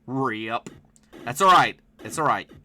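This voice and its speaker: A man streaming live gameplay, chatting to viewers and yelping and shouting at the game. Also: mid-range voice, takes it slowly. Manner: excitable, yelps and shouts at the game; chats to viewers between plays. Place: home, with his dog in the room.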